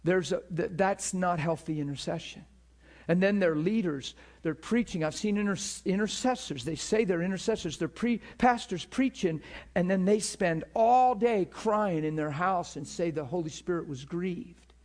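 A man's voice: high voice, moderate pace, a little mellow. A man preaching and teaching earnestly, telling his own testimony with fervent repetitions and restarts. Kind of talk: sermon-style teaching with personal testimony.

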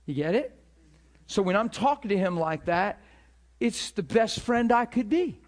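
A man preaching to a ministry school, telling a story with emphatic, animated delivery and acted-out dialogue. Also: a little slow. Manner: animated, emphatic, acts out dialogue with rising pitch. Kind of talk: sermon storytelling.

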